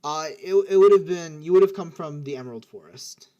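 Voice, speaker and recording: A man narrating as game master of a tabletop game, relaxed and plain. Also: fairly high pitch, fairly quick, muffled recording.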